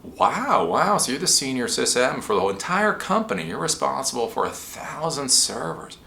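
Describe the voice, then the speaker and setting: An eager young help-desk newcomer who fires off quick, chatty questions in a raised, bright voice, as a man puts him on. The room is echoey. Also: mid-range voice, big pitch swings, gravelly, a little hiss or hum, voice pushed up, heavily acted.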